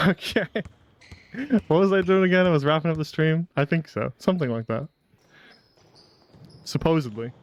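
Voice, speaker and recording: A man's voice: a little high, normal speed, pauses often, dull audio. A man chatting casually on a live stream, laughing often and rambling between jokes. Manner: giggly, rambling, self-mocking.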